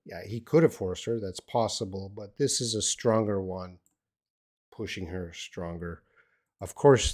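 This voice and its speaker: A man's voice: lowish voice, a little mellow. A middle-aged man teaching English on a live stream, answering viewers' questions and thinking aloud with hesitant restarts. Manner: encouraging.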